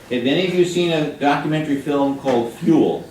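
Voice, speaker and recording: An older man giving a guest lecture to high school students, chatty and joking as he quizzes the room. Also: brisk, a little mellow, slight background noise. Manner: chatty, jokey, quizzes the audience. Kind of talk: classroom lecture with questions to students. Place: high school hall or classroom. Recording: echoey room, mic at a distance.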